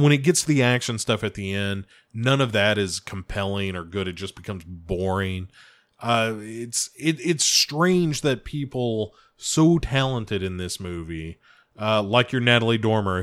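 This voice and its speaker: A man's voice: lowish voice, a bit bright. Rambling, jokey man reviewing a movie. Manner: rambling, jokey, hesitant with many fillers. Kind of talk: casual spoken movie review.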